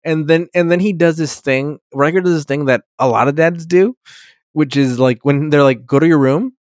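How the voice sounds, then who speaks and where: A man's voice: on the high side, moderate pace, no room sound, clean studio sound. A man chatting casually as a podcast co-host, swearing a lot and acting out the characters' lines as he recaps a TV episode. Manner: profane, animated, acts out quotes.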